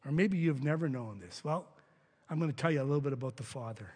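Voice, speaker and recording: A man's voice: medium pitch, quick pace, darkish tone, husky. A man preaching a sermon in a church, earnest and often repeating words as he goes. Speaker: pastor. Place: church sanctuary. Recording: reverberant hall sound.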